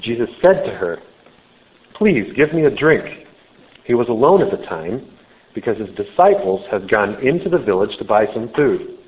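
A male preacher talks through a scripture story in an informal, explanatory way. His voice sits low. The sound is thin and band-limited, like a phone call. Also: big pitch swings, fairly quick. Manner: informal, explanatory, with "you know" fillers. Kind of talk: conversational sermon.

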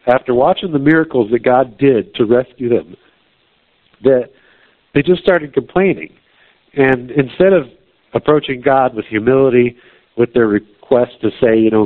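A man's voice: mid-range voice, moderate pace. A man preaching a sermon in a plain, conversational way, putting blunt questions to his listeners. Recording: tinny phone-like sound.

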